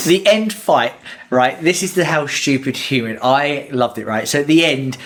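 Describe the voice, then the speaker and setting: Sweary, animated man. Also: mid-range voice, moderate pace. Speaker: podcast co-host. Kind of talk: casual chat.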